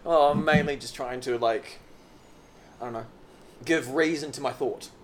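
A man's voice: mid-range voice, normal speed. A young man co-hosting a podcast, telling rambling, profane stories in casual banter. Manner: rambling, profane, animated storytelling. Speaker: podcast co-host. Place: living in a southern Chinese city.

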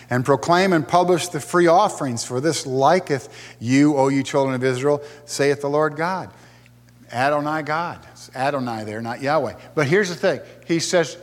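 A man's voice: mid-range voice, a bit bright, long reverb tail. A male pastor teaching a sermon in a conversational way, explaining Bible verses and reading scripture aloud.

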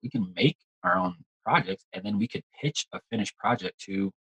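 A man's voice: fairly low pitch, animated, moderate pace, fairly bright tone, husky, rough recording. A young man, an actor chatting in a casual interview, rambling and repeating words. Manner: rambling, repeats words, says "like" and "you know" often. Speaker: actor guest.

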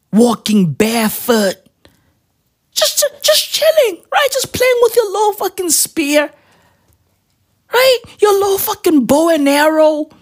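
A young woman from Africa, delivering a profane comedic rant that keeps tossing in "right?". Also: high voice. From South Africa.

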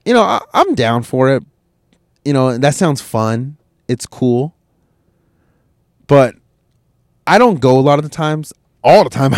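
A man in his thirties hosting a podcast, giving a blunt, profane motivational rant that swings from quiet musing to loud scolding. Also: medium pitch, no room sound, clean studio sound. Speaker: podcast host.

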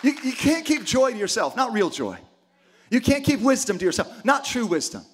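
A man preaching a sermon with lots of energy, dropping to quiet asides and then rising to shouted exclamations. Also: extremely high pitch, very animated, normal speed, breathy edge, some chatter behind. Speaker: pastor.

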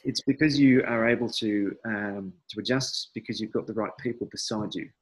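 A middle-aged man, a podcast guest, talking reflectively and hesitantly, with many pauses and restarts. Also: fairly low pitch, slightly rough, poor audio. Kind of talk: reflective conversational interview.

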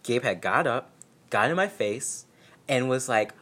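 Bright-voiced young man telling a story. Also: mid-range voice, animated, a little slow, slightly rough. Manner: candid, profane, self-mocking humor. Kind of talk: casual storytime.

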